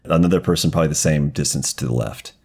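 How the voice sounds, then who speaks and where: Deep-voiced man running a tabletop game. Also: fast, a little mellow, breathy edge. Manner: casual, profane, filler-heavy. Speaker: game master. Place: home podcast recording.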